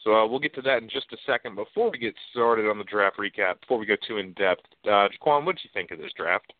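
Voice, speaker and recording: A man hosting casual sports chat, laid-back and opinionated. His voice is mid-pitched and comes over a dry, tinny phone-like line. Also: fast, dry recording. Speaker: host.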